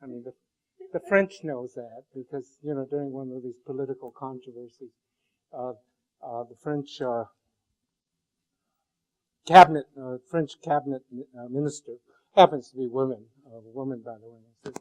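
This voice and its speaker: A male university lecturer giving a classroom lecture, rambling and joking with many halting restarts. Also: mid-range voice, steady tone, a little mellow, rough recording.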